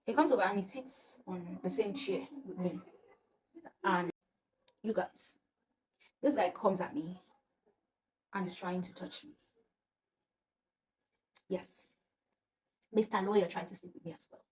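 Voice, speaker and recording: A young woman, telling a personal story to camera in a casual, animated way and acting out the dialogue. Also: measured pace, pauses often. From Nigeria. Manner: animated, acts out quotes with rising pitch, laughs between lines. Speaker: storytime vlogger.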